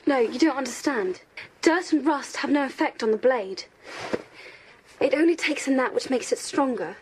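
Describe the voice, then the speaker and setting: Young woman as clever teenage witch, high voice, precise, earnest, explaining. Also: normal speed, a little hiss or hum, close to an everyday voice. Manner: precise, explanatory, a little insistent. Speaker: film character. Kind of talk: film dialogue.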